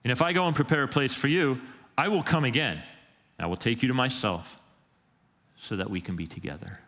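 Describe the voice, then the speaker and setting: A man voicing a calm, reassuring male teacher in a low, soft, measured voice. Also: natural voice. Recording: long reverb of a church hall.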